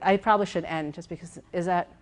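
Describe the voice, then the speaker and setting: A woman executive coach giving a lively workshop talk, walking around as she speaks, repeating words and checking in with her listeners. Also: fairly low pitch, fast. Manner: walks around while speaking.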